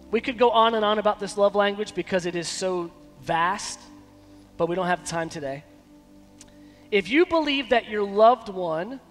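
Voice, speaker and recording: Slow, high-voiced pastor preaching. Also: male voice, big-room sound. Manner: emphatic preaching with dramatic pauses; acts out quoted dialogue in shifting voices. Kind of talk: sermon. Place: church sanctuary.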